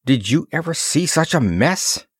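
A man's voice: fairly high pitch, sing-song, unhurried, slightly rough, no room sound, studio quality, pitched above the performer's own voice, full character voice. A man voicing a determined male expedition leader who talks bluntly and emphatically. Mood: firm. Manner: firm, clipped, emphatic speech.

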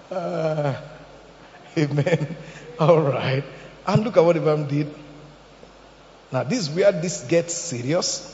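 A man preaching a sermon as pastor, swinging between shouts and hushed tones. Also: on the high side, vocal fry, a little hiss or hum. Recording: echoey hall, muffled sound.

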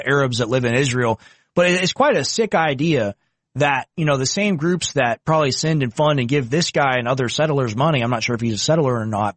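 A man's voice: mid-range voice, fairly bright tone, no echo. A young man commenting on video clips, indignant and mocking. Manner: indignant, mocking, puts on silly voices. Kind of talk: political commentary.

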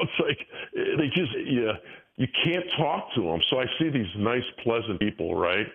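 A man in his sixties, a guest talking in a rambling way, with many restarts and frequent chuckles. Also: sits low. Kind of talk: casual interview talk. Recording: tinny phone line.

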